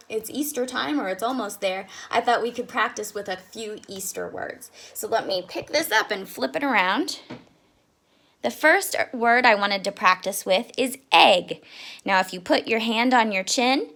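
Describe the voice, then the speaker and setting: Woman teacher, patient, talks to kids, gravelly edge, sounds out words slowly. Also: on the high side, a bit bright. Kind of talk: children's lesson.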